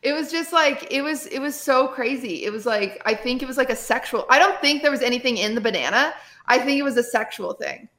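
A woman's voice: high voice, expressive, brisk, a bit bright. Rambling woman telling a story, roomy. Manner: rambling, full of "like" fillers. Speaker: livestreamer. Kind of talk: casual storytelling. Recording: roomy echo.

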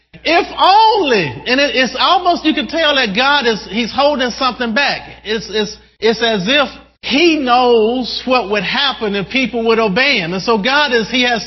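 A male preacher delivering an animated sermon, often repeating words as he addresses the congregation. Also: very high-pitched. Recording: dull sound with long hall reverb.

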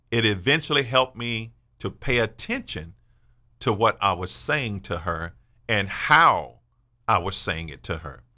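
An older man in his sixties hosts a faith-based radio talk, sounding earnest and sermon-like. His voice sits a little low, but he delivers it with a sharp, forceful edge. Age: 60s. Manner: earnest, emphatic, personal testimony. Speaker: radio show host.

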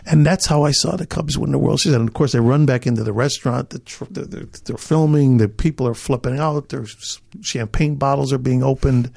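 An older man from Chicago spins an animated story as a podcast guest. His voice is gravelly and a little husky, and it sits close and dry on the mic. He acts out the other people's lines and laughs as he talks. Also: medium pitch, fairly quick, few pauses, dry recording.

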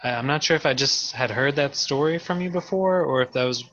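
A man's voice: mid-range voice, fairly quick, a bit bright, lo-fi sound. A man co-hosting a podcast, speaking hesitantly with stammered restarts in casual chat. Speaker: podcast co-host.

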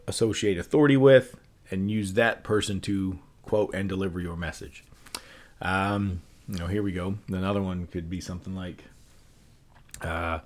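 A man with a very low voice talks through ideas in a relaxed, unscripted podcast monologue. His delivery is loose and conversational, full of fillers and little restarts. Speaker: podcast host. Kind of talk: casual explanatory podcast monologue.

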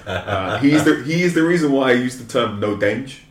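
A man's voice: mid-range voice, expressive, moderate pace. A man chatting casually as a podcast co-host, rambling and self-mocking. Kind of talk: casual chat. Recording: roomy echo.

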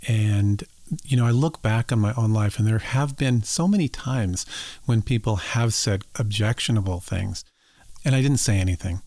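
A man hosting a storytelling podcast, speaking in a measured, sincere way. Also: lowish voice, a little mellow, no room sound. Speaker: podcast host. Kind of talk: interview wrap-up and scripted narration.

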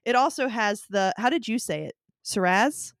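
Relaxed young woman in dry close sound. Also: fairly high pitch, vocal fry, no echo. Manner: relaxed, quick back-channel replies, laughs along. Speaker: podcast co-host. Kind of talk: casual chat.

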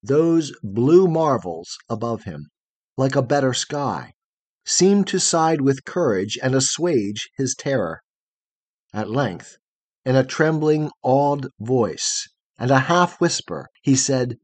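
A man reading a fairy tale aloud in an expressive, melodic storytelling manner. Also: medium pitch, takes it slowly, husky, dry recording. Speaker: audiobook reader.

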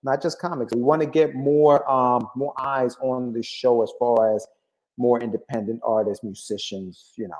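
A man's voice: mid-range voice, normal speed, rough recording. Laid-back male podcast host. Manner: relaxed, loose, hip slang. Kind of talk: casual chat. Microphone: video call.

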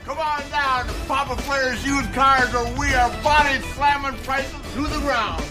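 A man voicing a loud, hyped-up wrestler selling used cars, shouting catchphrases in a playback of an ad. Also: very high-pitched, steady tone, a little slow, loud music behind the voice, pitched above the performer's own voice. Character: loud hyped-up male wrestler car salesman.

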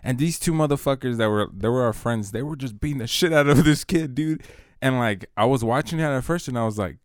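A man's voice: mid-range voice, a little fast, no echo, clean studio sound. A man telling profane stories from his school days in a laid-back casual chat, dropping "dude" constantly.

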